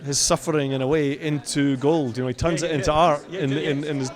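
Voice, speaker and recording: Actor on a red carpet, bit high voice, earnest, keeps stopping and starting. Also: male voice, fairly even intonation, rapid-fire, crowd noise. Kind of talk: casual red carpet interview. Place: outdoor red carpet in a city.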